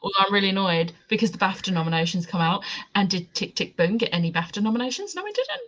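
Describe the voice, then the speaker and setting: A woman's voice: mid-range voice, very animated, fast talker, a bit bright, lo-fi sound. Rambling woman in casual chat. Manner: rambling, with fillers. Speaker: readathon friend.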